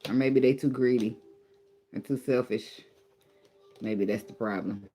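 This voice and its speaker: A man's voice: medium pitch, steady tone, unhurried, mellow. A man giving a casual spoken tarot reading, blunt and profane, teasing and laughing often as he goes. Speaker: tarot reader.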